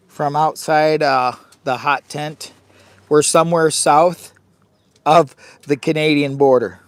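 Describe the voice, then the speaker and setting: A man's voice: fairly high pitch, no echo. A man hosting a casual outdoor live stream from his campsite, chatting directly with viewers. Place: outdoors by a hot tent, windy campsite.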